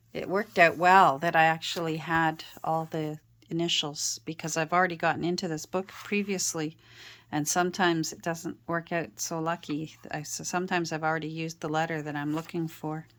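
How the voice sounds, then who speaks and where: A woman artist narrating a casual show-and-tell of her handmade journals, talking gently and meandering with frequent ums and uhs. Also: on the low side.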